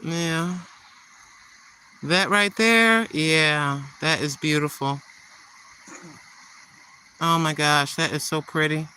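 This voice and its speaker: A woman's voice: low voice, takes it slowly, pauses often, bright, forceful tone, a little hiss or hum. An older woman hosting a vlog, chatting and joking outdoors in a riverside park. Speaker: vlog host. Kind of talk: casual chat on a walk.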